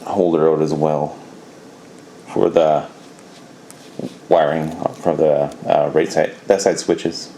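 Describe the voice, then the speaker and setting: Male, low voice, easygoing DIY vlogger who rambles and grumbles mildly; faint noise behind. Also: flat delivery, slow, long pauses, warm tone. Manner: laid-back, rambling, mildly exasperated. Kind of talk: casual how-to narration.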